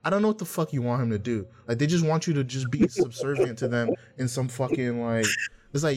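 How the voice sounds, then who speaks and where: A man's voice: mid-range voice, brisk, darkish tone. A man hosting a casual podcast chat, talking bluntly with lots of profanity and heated rants. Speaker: podcast host.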